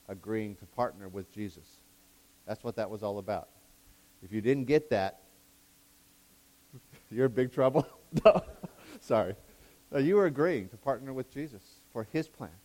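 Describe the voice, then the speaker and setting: Excitable male preacher. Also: lowish voice. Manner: excitable, swings from loud bursts to quiet asides; laughs at his own jokes, backpedals on his phrasing. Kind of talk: sermon.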